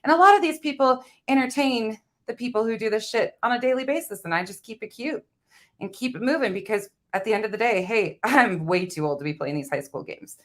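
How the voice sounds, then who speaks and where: A woman's voice: a little high, animated, fairly quick. Blunt, laughing woman streamer. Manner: blunt, profane, laughs often. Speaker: livestream host. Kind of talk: casual livestream chat.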